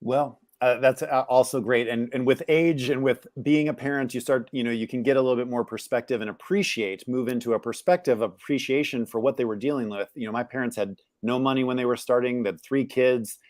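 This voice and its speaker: A man's voice: medium pitch, steady tone, brisk, hardly any pauses, a little mellow, dry recording. Candid middle-aged male guest, dry sound. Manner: candid, searching, many restarts and fillers. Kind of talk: reflective personal storytelling.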